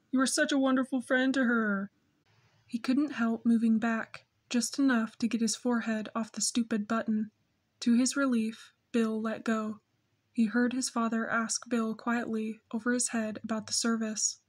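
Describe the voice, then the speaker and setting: Here a woman narrates a novel for an audiobook. She sits slightly high in pitch and keeps her reading even and deliberate.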